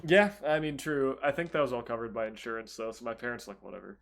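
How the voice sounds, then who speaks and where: A young man co-hosting a casual podcast, telling a story in an animated, profane way. His voice swings between loud outbursts and low mumbles. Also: fast talker, creaky. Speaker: podcast co-host.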